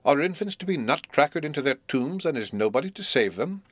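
A man's voice: a little high, sing-song, brisk, no room sound, pitched above the performer's own voice. A man voicing a bewildered, desperate father who bursts out in exasperation. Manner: exasperated outbursts.

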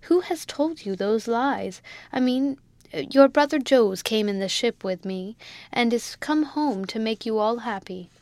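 A woman voicing a shy, tender middle-aged army major who speaks haltingly in an audiobook. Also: fairly high pitch, lively intonation, darkish tone, dry recording.

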